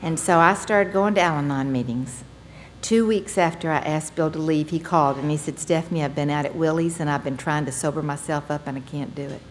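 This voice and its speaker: Middle-aged lady giving her testimony at a meeting, earnest and folksy, lowish voice, bit of faint hiss. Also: a little fast. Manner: earnest storytelling, animated bursts, folksy phrasing. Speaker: speaker sharing her recovery story. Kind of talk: personal testimony talk to a meeting.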